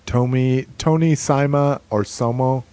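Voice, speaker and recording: This podcast co-host is a man with a mid-range voice who talks at an unhurried pace. His style is relaxed and rambling, full of fillers and with some swearing.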